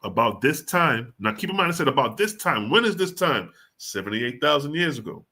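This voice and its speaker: A man's voice: medium pitch, sing-song, fairly quick, bright, forceful tone. A man reading passages of scripture aloud and then explaining them in casual, slangy, emphatic talk. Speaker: scripture teacher.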